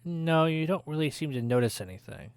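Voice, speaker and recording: A man running a tabletop game as game master, narrating in a slow, hesitant way with many fillers. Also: on the high side, expressive, smooth, no room sound.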